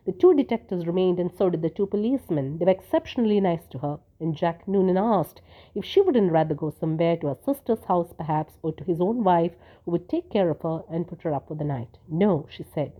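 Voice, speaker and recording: A woman narrating a short story aloud in a steady, even storytelling manner. Her voice is on the low side. The recording is thin and tinny, like a phone line. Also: fairly quick.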